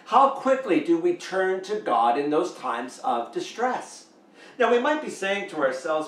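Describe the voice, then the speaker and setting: Canadian male pastor, slow emphatic sermon, roomy church echo. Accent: Canadian English. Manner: slow, emphatic preaching with rising, lively pitch. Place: church sanctuary. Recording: echoey church room, mic at a distance.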